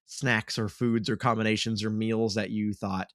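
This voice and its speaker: A man's voice: lowish voice, fairly even intonation, moderate pace, dry recording, clean studio sound. A man hosting a podcast in casual chat, rambling through long questions with many restarts. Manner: rambling, full of fillers and restarts. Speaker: podcast host.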